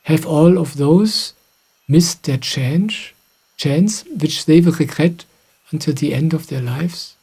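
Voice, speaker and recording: A middle-aged man, a spiritual teacher, calmly answering questions in a gentle, reflective way. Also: fairly high pitch, slow, slightly rough. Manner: gentle, reflective, soft-spoken. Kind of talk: calm satsang answering questions.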